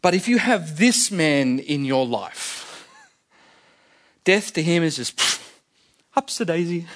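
A man's voice: on the high side, very animated, slow pace, a bit bright. A man preaching a sermon, explaining scripture in a conversational way and repeating key phrases for emphasis.

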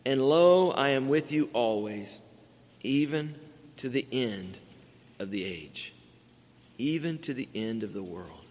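A man's voice: medium pitch, expressive, slow, pauses often, a little mellow. A middle-aged man preaching a sermon as pastor, earnest and building emphasis on key words. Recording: long reverb from a large hall.

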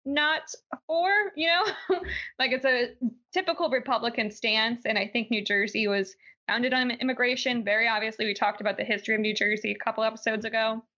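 Bright-voiced, giggly woman podcast host. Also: fairly high pitch, fairly even intonation, brisk, dull audio. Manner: giggly, chatty, many "like" fillers. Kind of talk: casual news-review chat.

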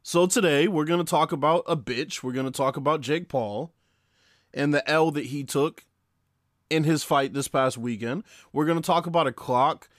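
A man in his late twenties hosts a sports podcast, talking casually and straight to his listeners in a brash, profane, upbeat manner. His voice is fairly high and moderately paced. The studio sound is clean, with no echo.

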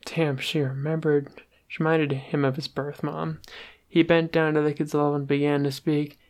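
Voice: mid-range voice, level tone, normal speed, a little mellow. An amateur reader narrating a fan story aloud, stumbling and restarting now and then.

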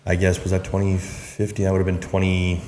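A man hosting a podcast, telling personal stories in an animated, casual way with frequent restarts. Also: deep voice. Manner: animated storyteller, quick restarts. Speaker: podcast host. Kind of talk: casual conversation. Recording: roomy echo.

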